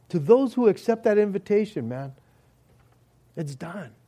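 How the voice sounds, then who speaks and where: Man, pastor, sermon, slightly high voice, slow, earnest, hushed moments. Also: sing-song, breathy edge. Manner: slow, earnest preaching that drops to soft, hushed tones. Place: church hall.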